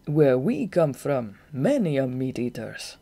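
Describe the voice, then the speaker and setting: Read by an audiobook narrator, this is a giant jungle bat, calm and predatory, speaking in a measured, slightly breathy manner. His voice has a gravelly texture and sits at a mid pitch. It comes from a home-recorded audiobook. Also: exaggerated voice. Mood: coolly explaining. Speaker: audiobook reader. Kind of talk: fan audiobook character voice.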